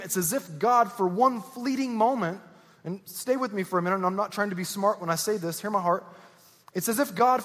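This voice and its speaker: A man's voice: high voice, fairly bright tone. A man preaching a sermon as pastor, earnest and emphatic, repeating key lines. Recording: echoey church hall.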